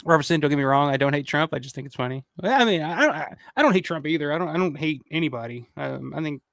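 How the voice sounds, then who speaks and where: Animated and quick, a thirtysomething man reads out viewer comments during a casual livestream, rambling profanely with frequent restarts. His voice is fairly high and fairly bright with vocal fry, and the studio-quality audio has no room sound.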